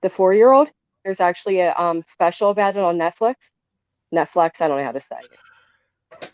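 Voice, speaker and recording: Low-voiced Philly-accented woman, dry and dull. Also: lively intonation, brisk, dry recording. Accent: Philadelphia. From near Philadelphia. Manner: chatty, self-conscious about her accent. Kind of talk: casual podcast chat.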